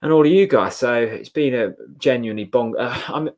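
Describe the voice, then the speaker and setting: A man's voice: medium pitch, a little fast, a little mellow. A man co-hosting a football watchalong, rambling gratefully with lots of fillers. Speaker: fan channel co-host. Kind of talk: casual watchalong chat.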